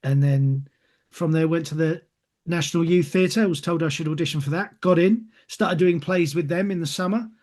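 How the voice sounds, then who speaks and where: Being interviewed casually, a middle-aged English actor chats and spins anecdotes, slipping into other people's voices as he goes. He speaks at a normal speed in a slightly high voice with a darkish tone.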